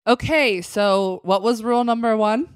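A woman playing a blunt, bossy HR representative in a comedic tabletop game, stern and deadpan. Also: fairly high pitch, normal speed, clear, resonant tone, dry recording, clean studio sound, lightly acted. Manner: stern, deadpan insults, frequent laughing. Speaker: guest player.

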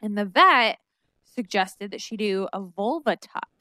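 Bright-voiced blunt woman chatting. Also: medium pitch, animated, a little slow, no echo. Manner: frank and blunt, swears casually. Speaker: podcast co-host. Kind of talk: casual chat.

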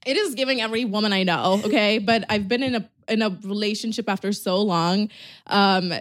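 A young woman in her twenties hosts a casual podcast, talking in an animated, swear-laden way with frequent laughter. Her voice sits at a middle pitch. The recording is close and dry, with no room sound. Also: fairly quick, no echo. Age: 20s. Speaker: podcast host. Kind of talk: casual chat.

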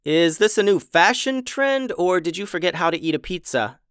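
A man's voice: sits high, animated, normal speed, a bit bright, smooth, no room sound, studio quality, voice pushed up. A man playing a cocky young male chef who is sarcastic and eager for a fight. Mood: teasing. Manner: sarcastic, teasing.

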